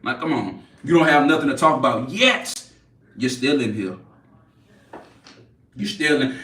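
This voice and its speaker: A man's voice: a little high, pushed and bright, far from the mic. Brash man in his forties. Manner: brash, profane, mocking trolls. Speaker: livestream host. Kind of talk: casual livestream chat. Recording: echoey room, off-mic.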